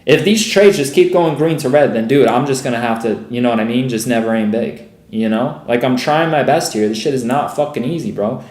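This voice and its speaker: A man's voice: mid-range voice, brisk, few pauses, a little mellow. Cursing young man on an echoey stream. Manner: profane, exasperated, constantly saying bro and dude. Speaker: day trader streaming live. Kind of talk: live trading commentary.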